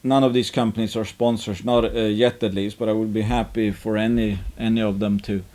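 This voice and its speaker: A man's voice: lowish voice, little pitch movement, a little fast, a little mellow. Rambling male investing commentator. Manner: rambling, many fillers and restarts. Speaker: investing channel host. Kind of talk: casual market commentary.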